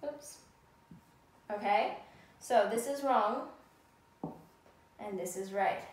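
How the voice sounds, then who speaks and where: A woman with a mid-range voice takes her time teaching young kids to write sentences, her manner patient and sing-song. Recorded during a classroom lesson, her voice sounds distant and the room echoes.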